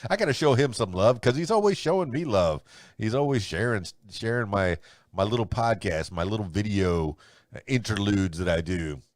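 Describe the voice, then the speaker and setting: A man with a low voice hosts a solo podcast. He rambles and chuckles in a loose, conversational way, and his pitch moves up and down a lot. The sound is close and dry. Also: lively intonation, moderate pace, dry recording. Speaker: podcast host. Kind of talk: solo podcast commentary and news rundown.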